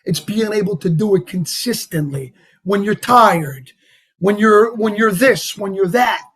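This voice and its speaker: Guest, male, heavy New York accent, raised husky voice, animated and rambling, casual interview. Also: high voice, unhurried. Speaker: actor guest.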